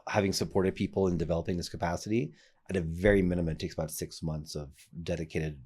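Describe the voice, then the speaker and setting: Guest, male, very low pitch; earnest, reflective, loose conversational delivery with restarts. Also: steady tone, quick pace, a little mellow, husky. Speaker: podcast guest. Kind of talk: casual conversation.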